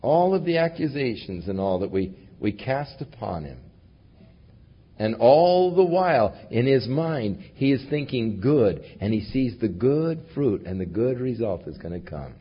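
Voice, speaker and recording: Lively, emphatic male preacher. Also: a little slow, breathy edge. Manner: emphatic, swings between booming and hushed. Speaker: pastor. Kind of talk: sermon. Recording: dull lo-fi recording.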